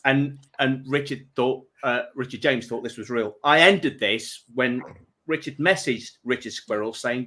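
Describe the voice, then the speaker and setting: Bright-voiced man hosting. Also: medium pitch, unhurried. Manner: chuckling, rambling storyteller. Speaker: host of a charity livestream. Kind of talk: casual chat, telling an anecdote.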